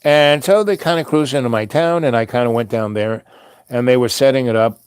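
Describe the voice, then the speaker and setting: A man's voice: medium pitch, a little fast, clean tone, no echo. A man telling a long personal anecdote in a loose, meandering way, full of asides and restarts. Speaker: storyteller.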